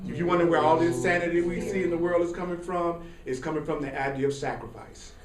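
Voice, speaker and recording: Animated man preaching in an echoey hall. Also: fairly high pitch, quick pace, far from the mic, a little hiss or hum. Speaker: spiritual teacher. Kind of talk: live sermon to an audience. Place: hall with a live audience.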